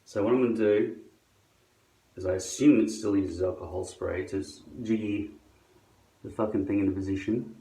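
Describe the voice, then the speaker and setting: A man's voice: on the low side, steady tone, moderate pace, creaky, long pauses, dark tone, recorded from a distance. A man demonstrating how he applies a hairpiece, talking to his viewers in a sardonic, grumbling way and swearing often. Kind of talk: casual how-to monologue to camera. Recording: echoey room.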